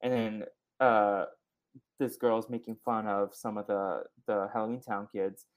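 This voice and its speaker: A man hosting a podcast, recapping a movie in a casual, animated way and acting out the characters' lines. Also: lowish voice, measured pace. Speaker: podcast host.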